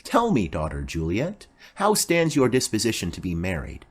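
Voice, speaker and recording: A man's voice: lowish voice, wildly swooping pitch, breathy edge, exaggerated voice. A man voicing a stately noble mother. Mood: formal. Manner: formal, measured. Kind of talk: audiobook play reading.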